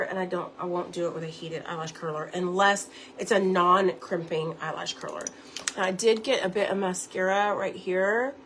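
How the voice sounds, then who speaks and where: A woman's voice: mid-range voice, noisy background. Chatty woman teaching her makeup routine. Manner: chatty, instructive, addresses viewers directly. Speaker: makeup seller and beauty teacher. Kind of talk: live makeup tutorial.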